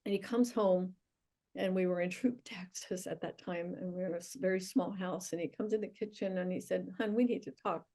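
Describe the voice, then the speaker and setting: An older woman, a guest, earnestly telling a personal faith story with soft, tearful pauses. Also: fairly low pitch, steady tone. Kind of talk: emotional personal testimony.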